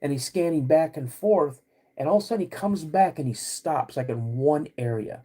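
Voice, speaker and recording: Mellow-voiced man recounting a story. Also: fairly high pitch, animated. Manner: halting, searching for words with restarts. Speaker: podcast host. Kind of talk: recounting a personal encounter.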